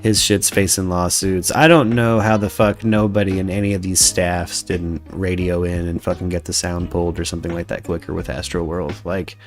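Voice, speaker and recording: A man's voice: sits low, flat delivery, normal speed, few pauses, faint music behind. A man hosting a podcast in casual chat, rambling and profane, often trailing off as he reads out chat comments. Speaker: podcast host.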